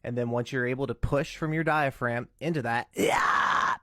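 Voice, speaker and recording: A man's voice: mid-range voice, fairly even intonation, a little fast, fairly bright tone, no room sound. Guy walking you thru a tutorial step by step, earnest and careful, dead dry sound. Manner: earnest, cautious, breaks into demo screams and whispers. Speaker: vocal tutorial maker.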